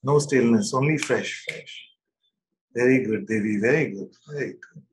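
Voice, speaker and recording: Gentle, laughing spiritual teacher man. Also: medium pitch, poor audio. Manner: gentle, slow and playful, laughs often. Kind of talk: satsang talk. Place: online video call. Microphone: video call.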